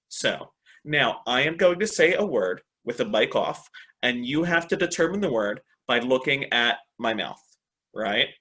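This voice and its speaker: An upbeat man presenting a teacher webinar on a video call, with a bright, forceful voice. He keeps checking in with his listeners and praising their answers as he talks through a computer mic. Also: medium pitch. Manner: upbeat, repeats "excellent" and "right?" often. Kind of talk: online teacher training webinar.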